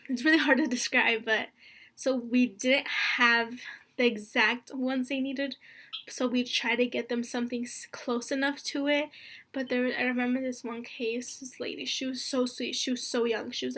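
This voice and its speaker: A young adult vlogger with a slightly high, somewhat bright voice rambles earnestly through a story in a casual vlog. She leans heavily on fillers like "like" and "honestly" and is emotional, close to tears.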